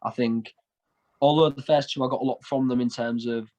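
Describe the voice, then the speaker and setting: A man's voice: mid-range voice, steady tone, brisk, darkish tone, lo-fi sound. A man in his twenties with a North East English accent, telling his story in a casual interview, rambling with lots of fillers and repeated words. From north east England. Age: 20s. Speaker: guest, shamanic practitioner.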